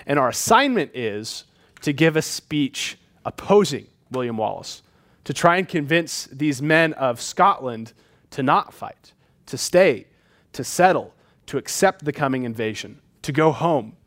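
A man's voice: mid-range voice, expressive, unhurried, fairly bright tone. A man preaching a sermon in a conversational, emphatic way, with frequent filler words. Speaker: pastor.

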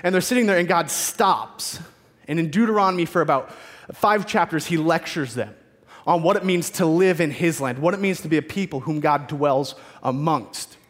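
Guy preaching, kinda higher voice, chatty retelling of the bible story, echoey hall. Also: moderate pace, a bit bright. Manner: retells scripture in casual modern speech, voicing figures. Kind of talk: sermon.

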